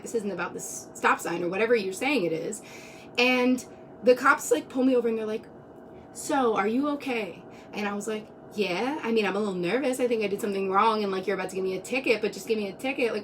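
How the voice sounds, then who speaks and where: Rambling through a personal story on a live stream, a twenty-something woman vlogger leans on fillers and "like," laughing between lines. Her voice is on the high side, distant from the mic, with a little hiss or hum.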